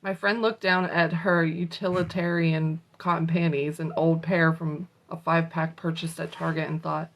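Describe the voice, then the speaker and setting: A woman reads a self-help book aloud in a lowish voice with a gravelly fry. She breaks off for casual, salty asides in a sassy tone. She is a motivational host working through a chapter. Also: little pitch movement, moderate pace, few pauses, poor audio.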